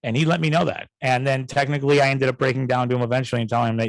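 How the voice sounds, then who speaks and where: A man from the suburbs, spinning a loose, profane podcast story packed with "you know" asides. His voice sits at an ordinary middle pitch. The sound is dry and close, with no room around it. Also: little pitch movement, racing, creaky, dry recording, rough recording. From south suburbs of Chicago, USA. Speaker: podcast host. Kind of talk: casual storytelling rant.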